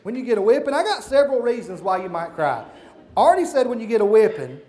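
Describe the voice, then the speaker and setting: A man giving a children's sermon, asking the kids simple questions and hushing them as he goes. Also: sits high, sing-song, quick pace. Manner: hushes and redirects children mid-talk. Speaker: children's church leader.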